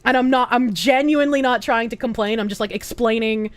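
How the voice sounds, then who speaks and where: A woman's voice: fairly high pitch, brisk, no echo. A woman streaming live, chatting casually with her chat, reading messages aloud and thanking donors with squeals.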